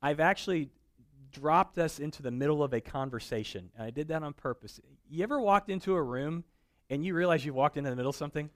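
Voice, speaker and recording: A man preaching a sermon as pastor, casual and animated, acting out the people he quotes. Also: on the high side, fast talker.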